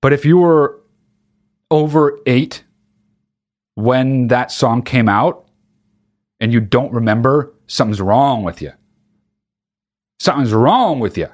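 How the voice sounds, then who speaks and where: A man's voice: mid-range voice, slow pace, pauses often. A man delivering a profane, exasperated comic rant, breaking into mock sung bits. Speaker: comedian. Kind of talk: stand-up style comic rant.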